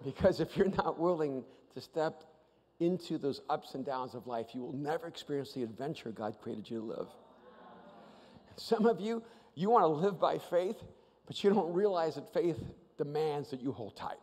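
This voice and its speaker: A man preaching a sermon as an animated storyteller, often repeating his first words playfully. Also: on the high side, normal speed. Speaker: pastor. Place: church auditorium with live audience. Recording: long reverb of a large hall.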